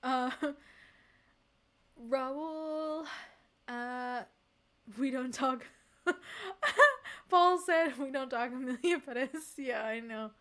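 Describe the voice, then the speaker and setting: High, bright-voiced woman streamer. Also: drawn-out words, long pauses. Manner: emphatic, expressive, laughs often. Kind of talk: casual livestream chat, reading chat.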